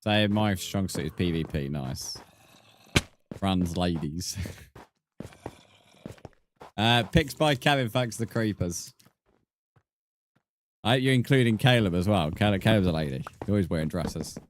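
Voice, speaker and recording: A man's voice: sits low, a little slow, pauses often, slight background noise. A man chatting casually on a game live stream, bantering with viewers, swearing, and counting blocks aloud. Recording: background music under voice.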